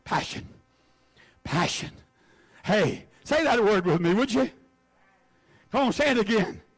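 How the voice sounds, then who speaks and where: High-voiced fervent preacher man. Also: animated, normal speed. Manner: fervent preaching, repeating words for emphasis; calls on the congregation by name. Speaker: pastor. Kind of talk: sermon.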